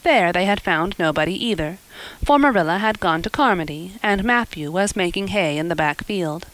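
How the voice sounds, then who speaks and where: A woman narrating a classic storybook in a measured, expressive reading. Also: lowish voice, low-quality recording. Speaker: audiobook reader. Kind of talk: scripted narration.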